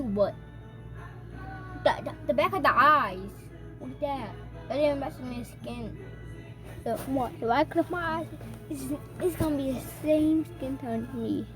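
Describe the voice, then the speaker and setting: A woman with a high, very lively voice comments on a scary short film in a casual, excitable way. She talks fast and loose, with loud startled outbursts. Faint music plays behind her. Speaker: video reactor.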